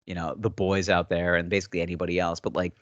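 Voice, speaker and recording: A man co-hosting a podcast in casual chat, an animated storyteller who acts out quotes and laughs often. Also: low-pitched, quick pace, no room sound, highs cut off. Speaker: podcast co-host.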